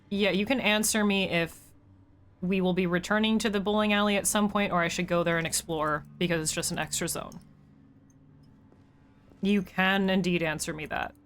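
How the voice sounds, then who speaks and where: A woman's voice: fairly low pitch, a bit bright, slight background noise. A woman streamer chatting casually as she plays, thinking aloud and talking to her viewers. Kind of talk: casual gameplay commentary.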